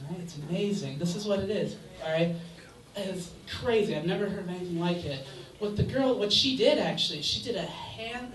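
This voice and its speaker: Man, stand-up comedian, crude shock jokes, bar stage, roomy echo, loud crowd behind. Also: high voice. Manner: crude, brash shock-joke delivery. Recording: echoey bar, distant mic, loud crowd.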